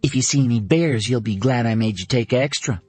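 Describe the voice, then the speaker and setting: Earnest early-thirties mother, tender then steady, read by a male narrator, dry close audiobook sound. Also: medium pitch, brisk, slightly rough, dry recording, soft background music, voice pushed up, close to an everyday voice. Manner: gentle and earnest, turning firm. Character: woman in her early thirties, a loving but firm mother.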